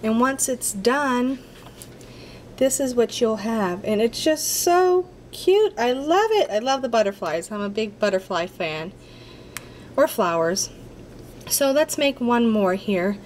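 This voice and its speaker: Here the crafter sounds animated yet slow, her pitch fairly high and her tone a little mellow. She keeps the tutorial casual, chatting and apologizing a bit as she talks to herself at the craft table, over a faint hiss or hum.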